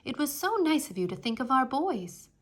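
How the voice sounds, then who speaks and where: A woman voicing a gentle, polite mother coaxing her child, in a children's book read-aloud. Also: high voice, big pitch swings, normal speed, voice pushed up. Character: gentle, soothing mother of two boys.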